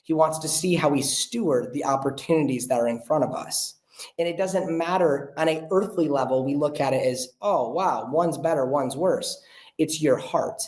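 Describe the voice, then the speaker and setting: A man's voice: on the high side, normal speed. Earnest young man in a roomy space. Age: young adult. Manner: earnest, animated storyteller, acts out quoted voices. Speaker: podcast guest. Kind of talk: casual storytelling chat. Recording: roomy echo.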